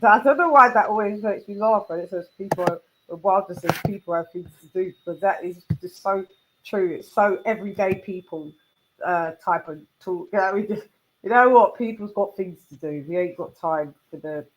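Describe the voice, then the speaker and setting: A woman's voice: on the low side, moderate pace, fairly bright tone, muffled recording. A woman hosting a casual boxing chat livestream, bantering and laughing as she talks. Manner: chatty, laughing, swearing banter. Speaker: host.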